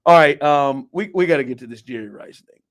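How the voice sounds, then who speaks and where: Animated high-voiced man, sports talk. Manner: animated, incredulous, quick laughs, fillers like "like". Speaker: podcast host.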